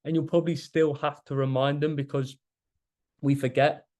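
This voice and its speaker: A man's voice: on the high side, level tone, moderate pace, a little mellow. A young man coaching a group on diet and mindset, talking loosely and casually with many restarts and the odd swear word. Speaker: fitness coach. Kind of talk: live group coaching session.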